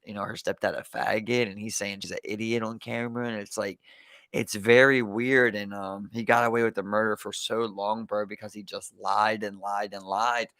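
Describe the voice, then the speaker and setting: A man's voice: lowish voice, a bit bright, clean tone, dry recording. A young man with a Baltimore accent, telling a story casually on a podcast, rambling with many fillers and calling his listener "bro.". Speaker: podcast co-host.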